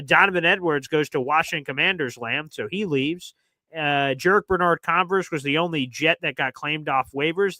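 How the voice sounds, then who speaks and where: Southern-accented male sports-show host, bright and forceful, animated, teasing, dry close sound. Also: fairly high pitch, dry recording. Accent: Southern American. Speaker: podcast host. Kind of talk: casual sports talk.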